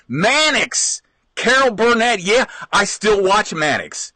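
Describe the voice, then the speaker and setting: Heard in a dry recording, the middle-aged stream host has a high-pitched voice and a moderate pace. He wanders through old memories in a lively, casual way, laughing a lot and often starting sentences over.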